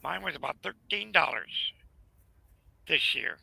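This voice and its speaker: A man with a Southern US accent telling a rambling family story in casual chat, halting with fillers. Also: a little high, expressive, creaky, pushed and bright, husky, dry recording, rough recording. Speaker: channel host.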